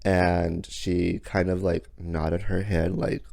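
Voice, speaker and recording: A man casually telling a personal story, animated and folksy, with sudden jumps up in pitch. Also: slow pace, creaky, dry recording. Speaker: storyteller host.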